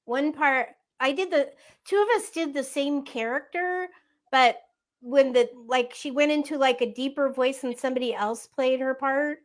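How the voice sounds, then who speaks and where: A woman's voice: high-pitched, normal speed. A woman in her sixties with a youthful-sounding voice, chatting as a guest in an interview and laughing often. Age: 60s. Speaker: voice actress guest. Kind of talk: casual interview chat.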